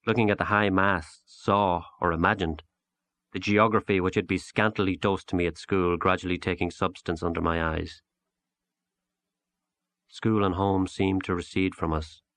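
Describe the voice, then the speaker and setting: A man narrating a literary short story in a measured, unhurried audiobook reading. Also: low voice, a bit bright, no room sound.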